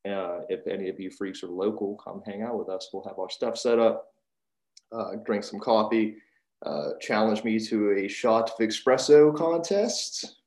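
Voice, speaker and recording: A man hosts a podcast with an energetic, jokey hype-man delivery. His voice sits a bit low. The sound is roomy and echoey, coming over a video call. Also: moderate pace. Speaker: podcast host. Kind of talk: upbeat podcast intro and promo chat. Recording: roomy echo.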